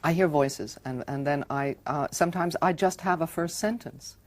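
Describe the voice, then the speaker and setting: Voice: medium pitch, moderate pace. Hesitant, thoughtful writer in conversation. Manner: hesitant, many fillers and restarts. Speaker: fiction writer and filmmaker. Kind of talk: reflective conversation about writing.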